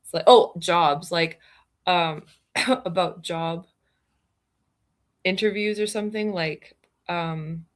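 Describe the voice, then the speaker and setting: A woman's voice: fairly low pitch, fairly even intonation, slow, long pauses. A woman chatting casually, telling a funny story with lots of fillers and laughter. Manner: giggly storytelling, many fillers. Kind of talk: casual chat.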